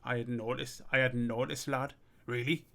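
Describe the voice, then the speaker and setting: A man voicing a touchy, gruff allotment keeper in a crude cartoon, speaking quickly and swearing a lot. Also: medium pitch, level tone, bright, forceful tone.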